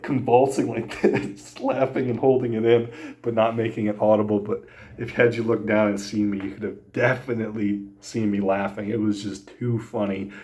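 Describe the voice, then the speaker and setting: A man's voice: lowish voice, a little mellow. A younger man casually telling fishing stories as a podcast host, rambling with many fillers and frequent laughter. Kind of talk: casual storytelling.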